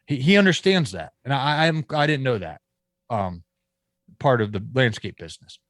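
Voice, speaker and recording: A man, a landscaping business owner, telling a story as a podcast guest, lively and acting out the people he quotes, with frequent restarts. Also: medium pitch, moderate pace, no echo, studio quality. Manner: animated storyteller who acts out quoted dialogue. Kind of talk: casual storytelling interview.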